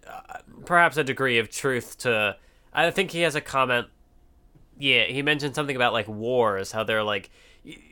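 A man casually discussing a manga series as a podcast co-host, thoughtful and halting with many restarts. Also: mid-range voice, pushed and bright, smooth.

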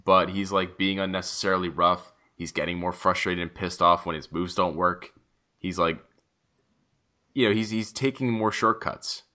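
A man co-hosting a casual podcast chat, swearing freely and acting out quotes in an animated way. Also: deep voice, moderate pace. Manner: animated, swears freely, acts out wrestlers' lines. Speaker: podcast co-host.

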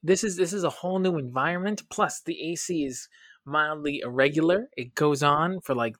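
A man with a higher-than-usual voice jokes and teases in relaxed podcast chat. He keeps the tone light and playful. The sound is dry, with no room echo. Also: moderate pace. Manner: teasing, joking. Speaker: podcast host. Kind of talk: casual chat.

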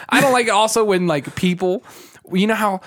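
Speaking a little fast in a high-pitched voice, this young man co-hosts a podcast and spins stories in loose chat. He curses a lot and performs other people's quotes as he goes.

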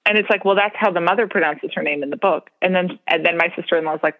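A woman's voice: lowish voice, fairly even intonation, fast talker, few pauses. A middle-aged woman telling stories in casual chat, laughing often. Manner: chatty storyteller, laughs often. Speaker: podcast co-host. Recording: tinny phone-like line.

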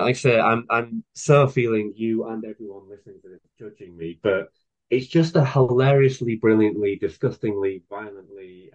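On a podcast with dull, lo-fi sound, a guest author in his thirties talks casually, his voice on the low side and a little mellow. He comes across as enthusiastic, rambling and full of fillers.

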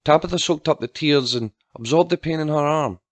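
Man reading a dark story. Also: fairly high pitch, fairly quick, no echo. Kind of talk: scripted narration.

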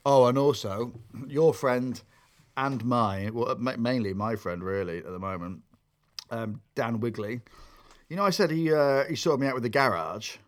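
A man in his twenties chats on a podcast and rambles from one story to the next. His sentences stop and restart, and his pitch sits in the middle range for a man. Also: moderate pace. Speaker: podcast co-host. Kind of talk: casual podcast chat.

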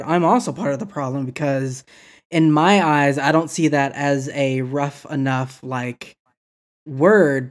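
A woman's voice: low-pitched, darkish tone. A woman co-hosting a casual podcast, easygoing and thinking aloud as she talks. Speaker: podcast co-host. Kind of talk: casual chat.

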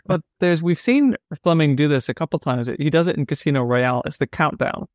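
A man's voice: on the high side, a little fast, dry recording, studio quality. Man analyzing a novel's structure. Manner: animated, analytical, laughs along. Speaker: podcast co-host. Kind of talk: casual book discussion.

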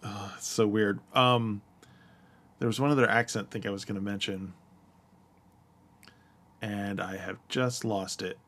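A U.S. podcast co-host with a lowish, fairly bright voice speaks steadily at a measured pace, pausing often. It's a casual chat marked by hesitation, many fillers, and frequent laughter.

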